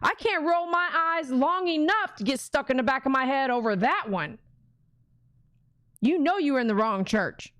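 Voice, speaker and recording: Lady on a livestream, kinda high voice, preachy and emphatic, lots of mm-mm hums, dry close sound. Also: expressive, normal speed, a bit bright, no room sound. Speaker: livestream host reading viewer chat. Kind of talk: casual livestream chat.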